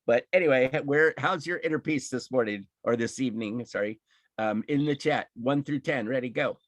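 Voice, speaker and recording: A man's voice: medium pitch, normal speed, no room sound. Fired-up man teaching a class. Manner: fired up and emphatic, with frequent laughs and restarts. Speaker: teacher of an emotional intelligence class. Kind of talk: live online class, impassioned talk.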